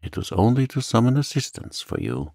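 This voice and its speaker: A man voicing an earnest, frightened young sailor in a calm audiobook reading, pleading as he talks. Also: on the low side, normal speed, no echo, clean studio sound, pitched above the performer's own voice. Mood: earnest, anxious.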